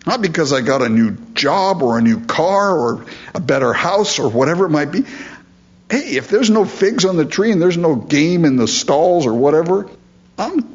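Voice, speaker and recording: A man's voice: on the high side, lo-fi sound. A man preaching a sermon as pastor, earnest and emphatic, asking rhetorical questions and repeating key phrases.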